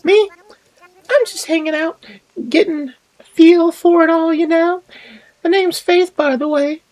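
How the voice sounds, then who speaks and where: A man doing a breezy high koala girl, Faith. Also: fairly even intonation, measured pace, darkish tone, rough recording. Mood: laid-back. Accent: attempted Australian. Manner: breezy, drifting put-on accent. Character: laid-back young female koala villager.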